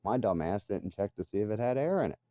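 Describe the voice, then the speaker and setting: A man's voice: fairly low pitch, animated, quick pace, warm tone, no room sound, muffled recording. A middle-aged man ranting bluntly and profanely in a casual monologue. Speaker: vlogger.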